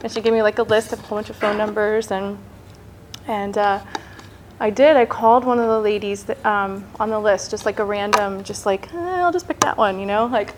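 A woman telling her own recovery story in a candid personal testimony, halting and peppered with "like" and "you know". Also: mid-range voice, flat delivery, a little hiss or hum, low-quality recording.

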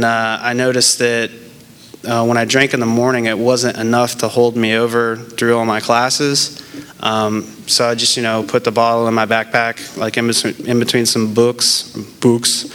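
A young man, casual and candid, telling his own story in a halting, rambling way with many fillers and restarts, and making fun of himself. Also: medium pitch, completely flat delivery, fairly bright tone, clean tone. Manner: candid and self-deprecating. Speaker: person in recovery sharing his story. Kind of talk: casual personal testimony.

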